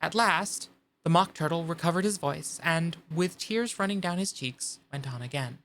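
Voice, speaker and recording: A woman's voice: lowish voice, moderate pace, fairly bright tone. A woman streamer narrating a classic storybook aloud, with casual asides between passages.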